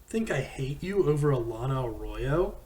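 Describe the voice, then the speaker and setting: A man reading aloud and voicing an angry, bitter young man who accuses with a rumbling voice. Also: sing-song, normal speed, mellow, distant mic, slight background noise, lightly acted. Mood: seething. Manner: rumbling, accusing, voice rising in anger.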